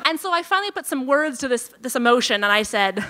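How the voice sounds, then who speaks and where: A woman telling a personal story live on stage at a venue event, lively and self-amused, acting out her own thoughts. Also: on the high side, brisk, slight background noise.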